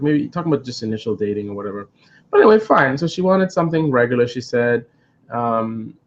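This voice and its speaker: A man's voice: medium pitch, lo-fi sound. A man telling a rambling storytime on a live stream, hesitant, with many fillers and restarts. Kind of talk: storytime monologue.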